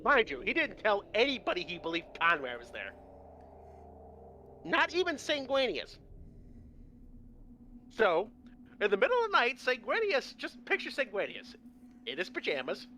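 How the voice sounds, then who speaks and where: Brief: excitable man, high bright voice, swearing storyteller, faint room hiss. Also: normal speed, long pauses. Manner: animated, profane, acts out quotes. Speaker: lore presenter on a miniature painting show. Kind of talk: casual lore storytelling with friends.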